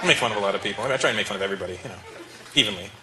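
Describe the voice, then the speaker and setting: A man doing stand-up comedy, animated and laughing often as he talks straight to the audience. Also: on the low side, rapid-fire. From Canada. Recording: live club with loud crowd and noise.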